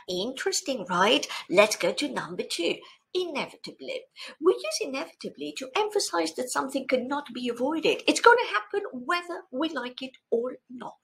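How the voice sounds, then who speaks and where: A middle-aged woman teaching an English exam-prep lesson, expressive and playful with animated exclamations. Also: sits high, normal speed, gravelly, poor audio. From Spain.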